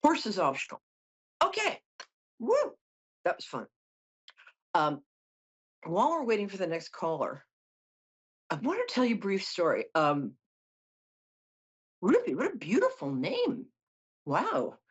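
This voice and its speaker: A woman's voice: medium pitch, huge pitch swings, a little slow, long pauses, slightly rough, lo-fi sound. A middle-aged woman hosting a call-in psychic show, reading tarot cards in a chatty, joking way with lots of asides. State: tired from no sleep. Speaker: psychic host.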